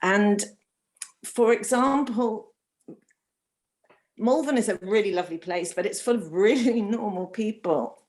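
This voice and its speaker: Female caller from London, slow and halting, near tears. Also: mid-range voice, darkish tone. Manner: emotional, hesitant, many restarts. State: close to tears. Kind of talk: phone-in call.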